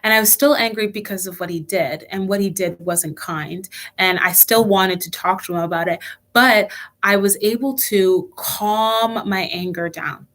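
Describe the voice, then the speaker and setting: A woman's voice: mid-range voice, unhurried, a bit bright. A young woman leading a children's church lesson online, telling a personal story earnestly with frequent restarts.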